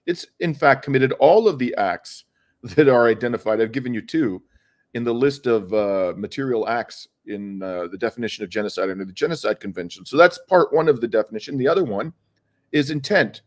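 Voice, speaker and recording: A man's voice: medium pitch, lively intonation, fairly quick. Impassioned middle-aged man arguing a legal case. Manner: earnest, frequent hesitations and restarts. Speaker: lawyer and activist guest. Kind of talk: impassioned interview answer.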